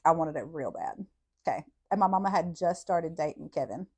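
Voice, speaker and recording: A podcast host tells a casual story in a low, slightly fast woman's voice. She laughs a lot, swears freely, and keeps the telling animated.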